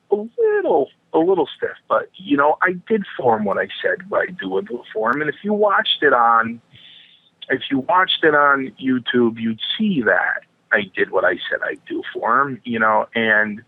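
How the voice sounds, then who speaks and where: An older man, a retired wrestler, telling animated backstage stories as a podcast guest, talking to the hosts as "guys" and repeating his phrases for effect. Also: medium pitch, normal speed, no room sound. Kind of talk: anecdotal storytelling. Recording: tinny phone line, dry.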